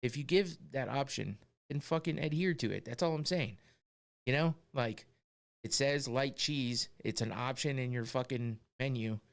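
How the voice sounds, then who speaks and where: A man's voice: medium pitch, normal speed, vocal fry. Podcast host, man, fed-up rant, swears freely, laughs between gripes. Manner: profane, exasperated ranting with frequent laughs.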